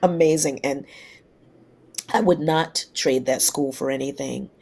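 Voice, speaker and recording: A singer from New York City, a woman, telling lively stories in a casual interview and acting out the people she quotes. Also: very deep voice, unhurried, creaky. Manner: lively anecdotes, acts out quoted voices. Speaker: singer guest.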